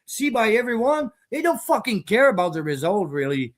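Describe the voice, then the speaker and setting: Man, host, angry profane rant, high voice, broken grammar. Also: sing-song, normal speed. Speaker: channel host. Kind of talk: casual rant.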